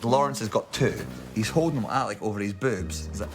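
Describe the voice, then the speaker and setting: A man's voice: medium pitch, animated, normal speed, hardly any pauses, music in the background. Drunk man telling a story. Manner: loose and slurring, swearing, jumping into loud silly character voices. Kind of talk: rambling drunk comic retelling of history.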